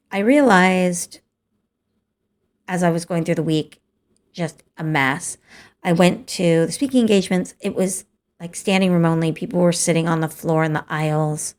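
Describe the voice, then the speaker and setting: A woman host telling a personal story in a candid, confessional way, with frequent hesitant restarts. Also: sits low. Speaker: podcast host.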